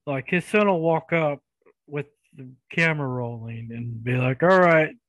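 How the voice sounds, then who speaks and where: A man's voice: mid-range voice, normal speed, no echo. Man, casual podcast chat, easygoing, dry close sound. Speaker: podcast co-host. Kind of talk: casual chat about movies.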